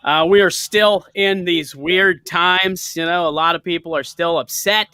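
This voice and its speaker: A man's voice: high-pitched, fairly even intonation, unhurried, bright, forceful tone. A man doing a stand-up set over a video call, self-mocking and nerdy, laughing at his own jokes. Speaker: stand-up comic.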